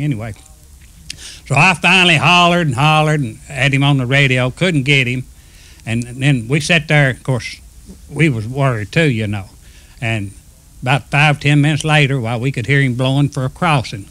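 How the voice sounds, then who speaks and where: A man's voice: mid-range voice, a bit bright. Folksy man spinning railroad yarns. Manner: folksy yarn-spinner, acts out quoted speech. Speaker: retired railroader telling stories. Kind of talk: casual storytelling.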